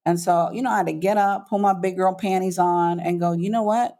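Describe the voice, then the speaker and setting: A middle-aged woman, a business coach, tells her story as a guest on an interview podcast. Her voice is fairly low and fairly quick, with hardly any pauses, and she speaks emphatically as an animated storyteller who acts out quoted voices.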